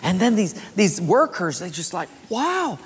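A pastor preaching a sermon in a large auditorium, telling stories in a conversational, animated way. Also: medium pitch, normal speed, husky. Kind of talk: sermon with storytelling. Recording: long reverb in a large auditorium.

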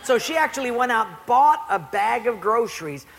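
Animated bright-voiced male pastor preaching. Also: very high-pitched, moderate pace. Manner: animated storytelling, playful. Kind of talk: sermon. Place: church before a congregation. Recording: long hall reverb.

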